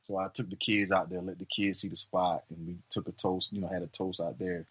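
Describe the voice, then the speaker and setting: Man telling a rambling story, bright voice. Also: low-pitched, fairly quick, husky, rough recording. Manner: animated, acts out quoted voices; rambling with many fillers and restarts. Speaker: podcast co-host. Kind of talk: casual storytelling.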